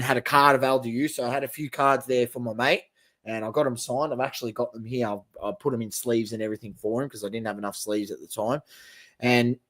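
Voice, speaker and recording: An Australian man co-hosting a sports podcast, rambling through anecdotes in casual chat and getting excitable. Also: medium pitch, no echo.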